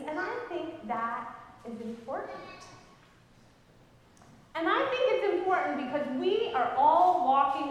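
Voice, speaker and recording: A woman pastor preaches in a church sanctuary, her voice high and very animated as she explains things and puts questions to the people. The room rings with heavy, long reverb. Faint noise sits under it. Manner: gentle explanatory storytelling, asks the congregation questions. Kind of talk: sermon. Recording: echoey church hall from a distance.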